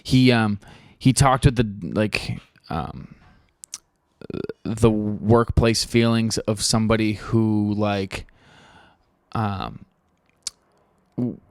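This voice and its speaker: Low-voiced rambling podcast host. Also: male voice, drawn-out words, long pauses, smooth, dry recording. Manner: rambling, profane, full of fillers. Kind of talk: casual podcast monologue. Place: studio.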